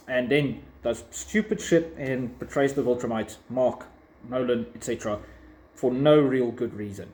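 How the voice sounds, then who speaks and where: Guy ranting casually in a review, lots of ums and likes, mid pitch. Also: darkish tone. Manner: opinionated, rambling with fillers. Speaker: video reviewer. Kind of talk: casual commentary.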